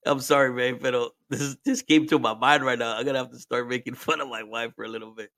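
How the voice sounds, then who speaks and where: A man's voice: mid-range voice, steady tone, fast, sharp tone, dry recording, clean studio sound. A man, hosting a podcast and telling a story in casual chat, laughing and swearing as he switches between English and Spanish. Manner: drinking while talking. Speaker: podcast host.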